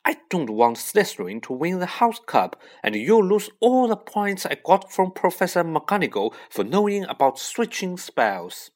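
Man putting on a high, loud schoolgirl voice, shrill, bossy, hissing, storybook reading. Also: sing-song, a little slow, husky, exaggerated voice. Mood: scolding. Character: bossy know-it-all schoolgirl, shrill and scolding.

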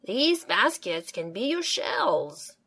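A kindly old grandfather pig, as a woman reading a storybook puts him on, speaks gently and patiently. He explains things slowly, in a lower, calmer tone than the children. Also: breathy edge, full character voice. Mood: gentle.

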